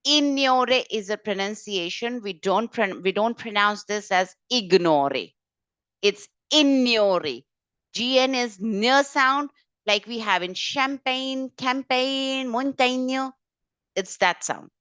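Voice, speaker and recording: A woman teaching French vocabulary in an online exam-prep class, brisk and corrective, often repeating key points. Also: medium pitch, bright, forceful tone, smooth, no echo. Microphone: video call.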